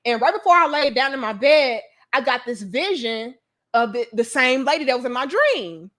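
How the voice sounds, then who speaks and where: A young woman with a high, bright voice, chatting straight to her viewers. She tells her story in a loose, animated way, swears freely, and keeps calling them y'all. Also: normal speed. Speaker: vlogger.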